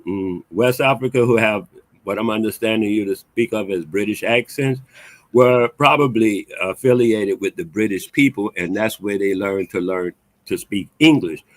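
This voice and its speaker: Male panelist, calm explainer, low voice, dry close mic. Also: no echo, poor audio. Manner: measured, patient explainer with hesitations. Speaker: podcast panelist. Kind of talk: casual discussion, explaining.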